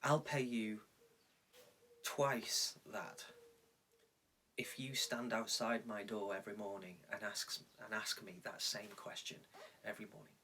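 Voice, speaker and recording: A man voicing a calm, thoughtful old religious teacher in a slow, slightly raised storytelling voice. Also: fairly low pitch, distant mic, a little hiss or hum. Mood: wry.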